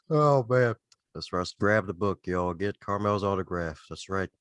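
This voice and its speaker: A man's voice: deep voice, fairly bright tone, clear, resonant tone, no room sound, studio quality. A man hosting a podcast interview in casual chat, playful and jokey, leaning on catchphrases. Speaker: podcast host.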